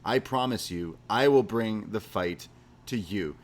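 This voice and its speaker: A fired-up young wrestler , as a man quotes him in his own low voice, hurls an angry, defiant challenge at a rival. His delivery is loud and heated, and it stays in his everyday register. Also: unhurried, natural voice.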